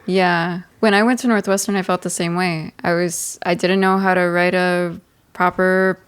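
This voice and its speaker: Young woman, panel moderator, low-ish voice, animated storyteller. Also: normal speed, clear, resonant tone. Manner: animated storyteller, acts out quotes in a high voice. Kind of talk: casual panel discussion.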